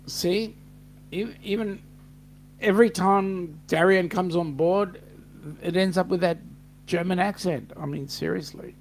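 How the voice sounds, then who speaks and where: Man, Australian accent, live chat host, rambling, reads comments aloud, slow, fairly high voice. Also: steady tone, a little hiss or hum.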